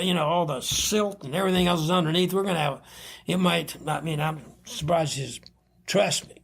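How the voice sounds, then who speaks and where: Gravelly-voiced older man telling stories. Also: on the high side. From United States. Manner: chuckling anecdotal storyteller, acts out dialogue. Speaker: retired vice admiral, interview guest. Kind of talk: storytelling in a podcast interview.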